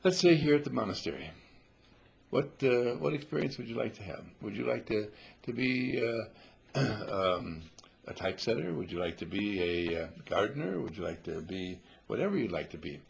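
At a monastery, a man gives an informal spiritual talk to a group, teaching in a rambling, questioning way and often acting out quoted voices. His voice is on the low side, expressive and creaky, at normal speed.

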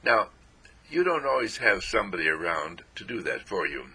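Gravelly man with a lower voice, animated and playful for an uplifting radio talk. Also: normal speed. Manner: animated and playful, repeats affirmations. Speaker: spiritual radio speaker.

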